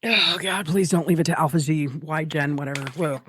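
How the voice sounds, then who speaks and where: A woman's voice: deep voice, a little fast, a bit bright, slight background noise. A woman co-hosting a podcast in casual chat, rambling, laughing often and swearing freely. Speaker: podcast co-host.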